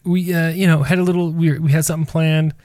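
A man's voice: a little high, level tone, fast, dark tone, no room sound. A man in his thirties co-hosting a casual podcast chat, rambling through family stories and laughing as he tells them. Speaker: podcast co-host.

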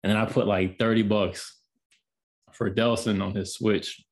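A man's voice: on the low side, little pitch movement, a little slow. A man co-hosting a podcast, chatting in a laid-back way and laughing easily. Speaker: podcast co-host. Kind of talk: casual chat.

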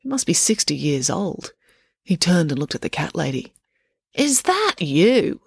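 A woman with a fairly low voice reads a children's chapter book aloud. She reads steadily and clearly. The recording is dry and close to the mic. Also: expressive, normal speed, no room sound. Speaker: storyteller reading a children's book. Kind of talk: storybook read-aloud narration.

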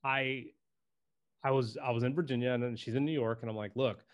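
Speaking fairly quickly with a medium pitch and a clear, resonant tone, this podcast guest, a videographer who does personal branding, relaxes into his story. He drops "dude" constantly, curses without restraint, and performs quoted lines in animated voices.

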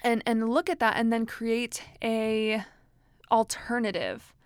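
A woman's voice: fairly high pitch, little pitch movement, slow pace, smooth, dry recording, clean studio sound. A woman in her thirties giving casual self-help advice, chatty and full of fillers and restarts. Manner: chatty, many fillers and restarts, frequent laughs.

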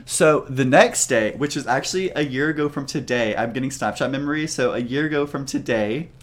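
A man's voice: medium pitch, brisk. A young man co-hosting a podcast, casually telling a travel story in a rambling way full of "like" and restarts. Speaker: podcast co-host.

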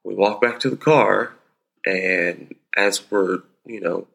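A man's voice: fairly low pitch, takes it slowly, vocal fry, fairly bright tone. A man, a father in his thirties, telling a family anecdote casually with a wry, easygoing manner. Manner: wry, easygoing storytelling with frequent restarts.

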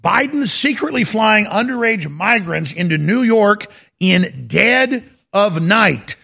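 Gravelly, heated male talk host. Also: sits high, sing-song, slow pace, bright, forceful tone. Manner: heated, emphatic, repeats himself. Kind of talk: agitated talk radio commentary.

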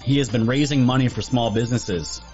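A man's voice: mid-range voice, a little fast, a little mellow, muffled recording, soft background music. A man hosting an opinionated news commentary show, talking emphatically and repeating himself. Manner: emphatic and repetitive.

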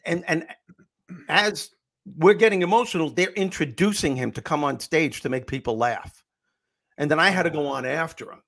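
Husky middle-aged man telling stories. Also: fairly high pitch, normal speed. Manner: animated storyteller, acts out quotes. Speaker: comedian and motivational speaker guest. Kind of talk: storytelling interview answer.

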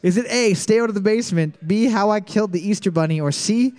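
A man with a notably high voice runs a live trivia night at a bar. He reads the questions and scores in an announcing tone, then slips into quick jokes between them. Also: darkish tone. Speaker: trivia host.

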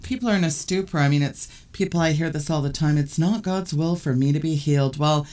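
A woman's voice: low voice, a little fast, dark tone. A woman hosting an interview, chatting casually and speaking up assertively to her guest. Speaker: talk show host.

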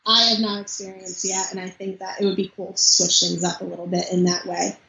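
A young woman, a podcast guest, chatting casually and telling animated stories about family travel. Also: mid-range voice, brisk, vocal fry, echoey room, lo-fi sound. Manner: chatty, animated storytelling with mimicked child voice. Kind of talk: casual interview chat.

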